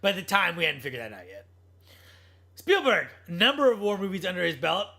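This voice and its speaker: A man co-hosting a casual podcast chat, blunt and animated, swearing freely as he talks. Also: high voice, fairly quick. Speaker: podcast co-host.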